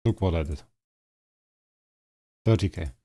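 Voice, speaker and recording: A hoarse man streaming a game live, commentating and fretting over a rival player while talking to his chat. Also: low-pitched, unhurried, mellow. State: hoarse, strained voice.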